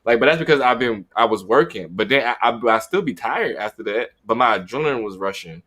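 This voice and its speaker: A man's voice: medium pitch, fast talker. Candid man in casual podcast chat. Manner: animated, acts out what he would say. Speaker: podcast co-host.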